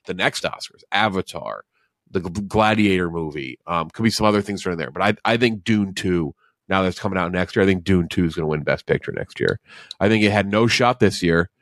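A man's voice: deep voice, fairly quick, no echo, clean studio sound. A man co-hosting a casual movie podcast, rambling through opinions with frequent restarts. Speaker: podcast co-host.

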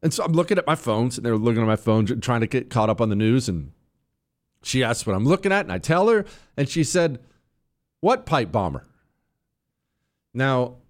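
Male radio host, middle-aged, lively pitch swings, emphatic and opinionated, hiccuping. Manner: opinionated, emphatic, animated delivery with wide swings. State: has the hiccups. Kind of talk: talk radio monologue.

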